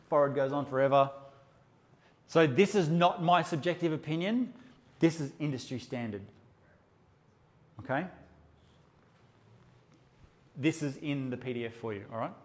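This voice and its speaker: A man's voice: on the high side, moderate pace. A man teaching a live workshop session, brash and joking and swearing freely as he addresses the audience. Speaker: photography workshop presenter.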